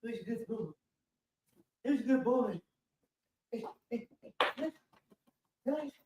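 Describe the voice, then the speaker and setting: Man, slow cooing talk to a dog, roomy distant noisy sound. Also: extremely high pitch, lively intonation.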